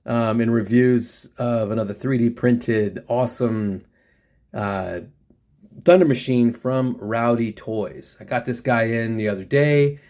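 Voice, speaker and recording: A man from the United States hosting a casual, rambling toy review chat, full of slang and quick laughs. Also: medium pitch, darkish tone. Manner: rambling, laughs often, many fillers, slangy.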